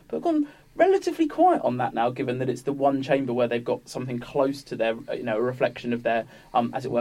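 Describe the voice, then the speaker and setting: Fast-talking man in a political panel chat. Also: mid-range voice, warm tone. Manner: rambling, many fillers and restarts. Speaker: political commentator. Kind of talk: casual panel discussion.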